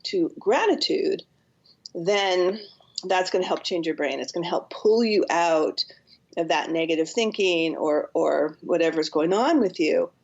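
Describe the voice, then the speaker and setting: On a lo-fi podcast recording, a female counselor and author speaks as an interview guest in a fairly low, unhurried, creaky and slightly mellow voice. She explains things earnestly and now and then acts out what people say.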